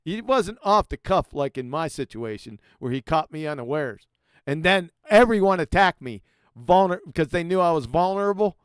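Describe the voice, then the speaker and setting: A man hosting a casual live panel chat, animated and mocking, laughing often. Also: fairly high pitch, normal speed, clean tone, no room sound, studio quality. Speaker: stream host.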